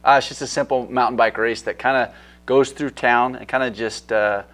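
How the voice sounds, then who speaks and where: A man's voice: mid-range voice, steady tone, normal speed, fairly bright tone. A man talking as a guest in a casual interview, eager and rambling with many fillers.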